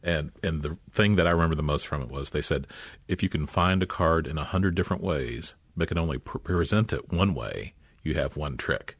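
A man hosting an interview, asking curious, measured questions with easy amusement. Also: very deep voice, slightly rough, no room sound, studio quality. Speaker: interviewer host.

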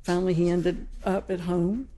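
A woman speaks in a slightly low voice. She talks as a novelist, eagerly retelling her own story's plot in relaxed, conversational interview talk. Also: normal speed. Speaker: novelist discussing her book. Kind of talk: conversational book discussion.

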